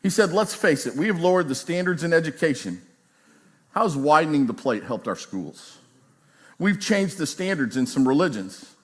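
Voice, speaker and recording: A pastor preaching, telling a long story and acting out the quoted voices with lively emphasis. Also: male voice, on the high side. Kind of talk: sermon storytelling. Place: church.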